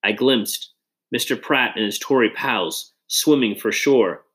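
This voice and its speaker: A man reading a children's adventure story aloud in an expressive, dramatic way. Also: mid-range voice, a little slow. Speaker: audiobook reader. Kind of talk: storybook narration.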